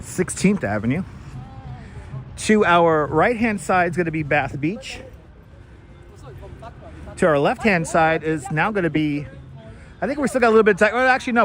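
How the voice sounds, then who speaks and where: On a city street, a man streams a casual walking tour live, chatting and saying hello to viewers by name. His voice is on the high side with a fairly bright tone. A little hiss or hum comes through his wireless clip-on mic.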